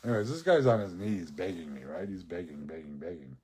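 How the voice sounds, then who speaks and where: A man's voice: sits low, expressive, a little fast, darkish tone, breathy edge. A man rambling through a profane personal rant into his phone, breaking into laughs often. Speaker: social media ranter.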